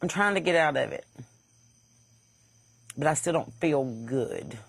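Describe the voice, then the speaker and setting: A woman's voice: low voice, expressive, a little slow, gravelly, slightly rough, no room sound. A woman podcast host with a Southern accent, blunt and sarcastic in casual comedic talk, laughing at her own jokes and a bit stuffy from sinus trouble.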